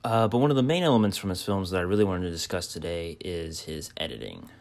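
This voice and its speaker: Deep-voiced young man narrating a video essay. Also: lively intonation, a little mellow, slight background noise. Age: young adult. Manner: measured, with uh fillers. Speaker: film student.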